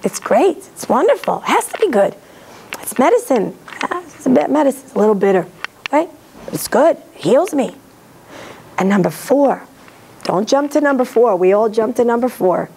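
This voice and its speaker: A woman with a hoarse voice from laryngitis, giving an earnest, animated religious lecture to an audience and acting out bits of dialogue. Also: a little high, normal speed, slight background noise, poor audio. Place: synagogue hall.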